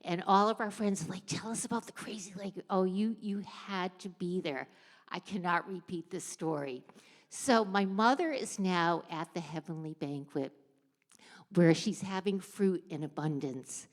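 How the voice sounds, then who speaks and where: Woman doing a live story on stage, lively, lots of hall echo. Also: on the low side, unhurried. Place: church hall with audience. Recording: long hall reverb.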